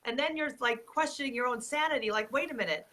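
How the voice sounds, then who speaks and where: A woman hosting a casual interview, recounting her own experiences in an earnest, steady way. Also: high voice, fast, slight background noise. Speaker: host.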